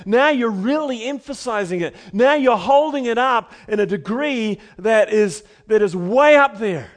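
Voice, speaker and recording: Man, preacher, sermon, slightly higher voice, rhetorical questions, swings from hushed to shouting. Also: animated, measured pace, few pauses. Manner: dynamic, swings from quiet to shouted emphasis; conversational asides with rhetorical questions.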